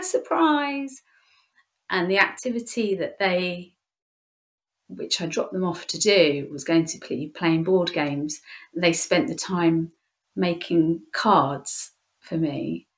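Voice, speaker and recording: A woman with an English accent, a guest in an interview, telling a heartfelt personal story with frequent restarts. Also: on the low side. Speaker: interview guest, youth leader. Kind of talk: conversational interview.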